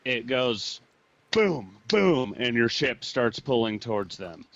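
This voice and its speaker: A man narrating as dungeon master of a tabletop game, in a slow, measured way. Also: medium pitch, fairly bright tone, no echo. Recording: dull lo-fi mic.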